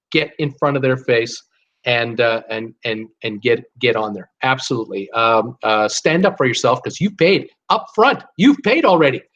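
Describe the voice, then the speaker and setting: A man's voice: medium pitch, a bit bright, dull audio. An older man hosting a live cruise talk, giving blunt, fired-up advice in a ranting manner. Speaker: cruise vlogger host.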